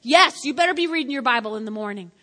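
A woman pastor preaching a sermon to her congregation. She speaks emphatically, repeats her key lines, and swings between loud and quiet. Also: fairly high pitch, animated, fast talker. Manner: emphatic and repetitive, addressing the congregation directly. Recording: long reverb of a church hall.

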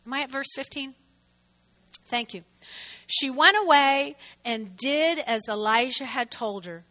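A woman pastor preaching a lively, playful sermon to her congregation, acting out the Bible figures in quotes. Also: sits high, unhurried, low-quality recording.

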